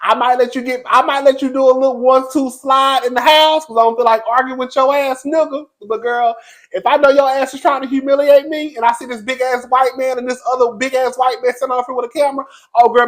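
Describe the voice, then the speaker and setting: A man's voice: extremely high pitch, steady tone, fast talker. A man hosting a reality TV recap, talking in a brash, sassy, profane way and laughing often as he gossips. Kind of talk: casual gossip commentary.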